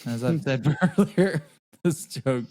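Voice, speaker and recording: A man's voice: mid-range voice, animated, slow, warm tone. A man co-hosting a casual podcast, joking around and swearing often, laughing at his own bits. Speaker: podcast co-host.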